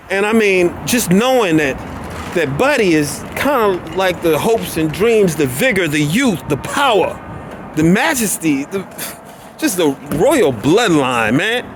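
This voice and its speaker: A man vlogging while walking his dog down a neighborhood street, rambling and often losing his train of thought. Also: sits high. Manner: laughs often. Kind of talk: casual rambling chat. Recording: noisy street with traffic.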